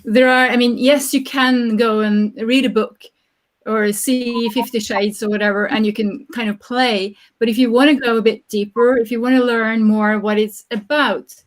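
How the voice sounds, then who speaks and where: A woman's voice: a little high, fairly even intonation, moderate pace. A woman hosting an informal Q&A, encouraging her guest and framing questions. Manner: encouraging, frequent mm-hmm backchannels. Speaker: host. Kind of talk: informal Q&A discussion.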